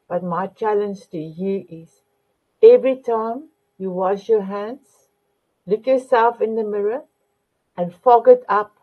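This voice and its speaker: A woman hosting a motivational talk show, who keeps calling her viewers her beautiful ones. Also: mid-range voice. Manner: warm, affectionate address, repeats "my beautiful ones". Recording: dull lo-fi sound.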